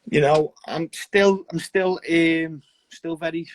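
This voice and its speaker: A young man, an amateur fighter, talking earnestly in a casual interview with halting restarts and casual swearing. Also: fairly high pitch, fairly even intonation. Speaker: amateur MMA fighter, guest.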